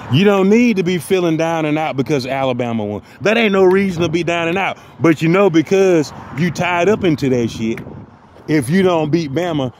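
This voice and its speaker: Guy ranting outside, slightly high voice, cusses a lot, keeps repeating himself like a fake pep talk. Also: darkish tone, a little hiss or hum. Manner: mock-motivational, repeats phrases, heavy cursing. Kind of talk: profane comic rant.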